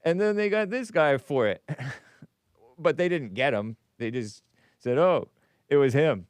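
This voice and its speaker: A man's voice: on the high side, very animated, a little slow, clear, resonant tone, no echo. A man hosting a call-in show, rambling and musing aloud, breaking off mid-phrase and chuckling. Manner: rambling, self-interrupting, chuckling. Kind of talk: casual radio call-in talk.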